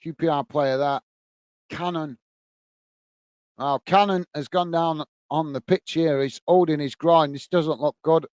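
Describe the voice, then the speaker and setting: A man's voice: fairly high pitch, fairly even intonation, a little slow, a little mellow, no echo. A man from England hosting a live football watchalong, casually commentating the play and chatting to viewers. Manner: casual, chatty, calls viewers mate and guys. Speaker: watchalong host.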